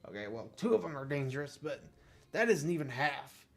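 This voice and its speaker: A man voicing an overworked park groundskeeper in a video game, sounding flustered and hurried. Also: mid-range voice, sing-song, vocal fry.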